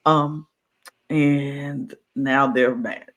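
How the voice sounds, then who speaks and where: An animated co-host on a casual reality-show podcast, talking with a lilt. The delivery is lively and theatrical, jumping into mock voices of the contestants mid-story. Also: mid-range voice, takes it slowly, low-quality recording. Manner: animated, acts out contestants' lines in exaggerated voices.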